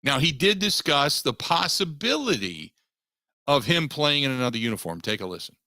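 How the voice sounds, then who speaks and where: A man's voice: mid-range voice, very animated, normal speed, bright, forceful tone, dry recording, clean studio sound. A man hosting a sports talk radio show, emphatic and repeating himself for stress as he argues his point. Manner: emphatic, repetitive restarts.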